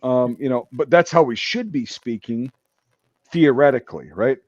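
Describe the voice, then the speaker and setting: A man's voice: medium pitch, normal speed, darkish tone, no echo, muffled recording. An American man hosting a casual chat, rambling with lots of fillers and some swearing. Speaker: podcast host.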